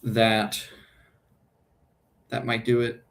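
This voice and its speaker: A man's voice: medium pitch, monotone, drawn-out words, fairly bright tone. A man streaming his fantasy football draft, thinking aloud in a casual, hesitant way and correcting himself as he goes.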